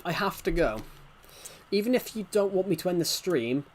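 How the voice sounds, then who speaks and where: A man's voice: high-pitched, animated, normal speed. Chatty man livestreaming a game. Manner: rambling, restarts, reacts to chat. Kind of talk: casual livestream chat.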